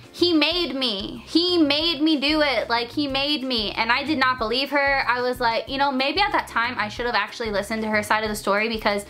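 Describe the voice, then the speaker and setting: A young woman telling a personal story in casual chat, talking fast with lots of "like" fillers. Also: fairly high pitch, sharp tone. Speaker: storyteller vlogger.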